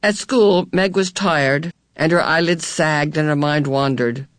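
An audiobook narrator reads a children's storybook in a measured, even voice. The pitch sits in a middle range. The recording is dry and close, with no room sound. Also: no echo. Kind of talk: scripted narration.

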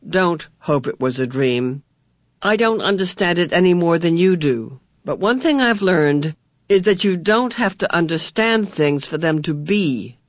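A patient mother of four from a storybook, voiced by a reader. She speaks in a calm, steady voice. The sound is dry and close. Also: medium pitch, moderate pace, no room sound, close to an everyday voice.

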